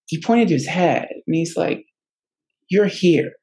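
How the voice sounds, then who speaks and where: A man's voice: fairly high pitch, lively intonation, moderate pace, vocal fry, a little mellow, low-quality recording. A man, a podcast guest, telling an earnest personal story in casual, rambling talk full of restarts and fillers. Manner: emotional, earnest.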